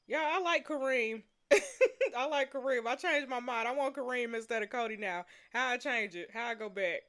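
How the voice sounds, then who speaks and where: A woman's voice: on the high side, moderate pace. A woman playing through a story game, chatting playfully to her viewers between lines. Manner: animated, playful, talks to viewers. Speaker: game player. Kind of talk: casual game commentary.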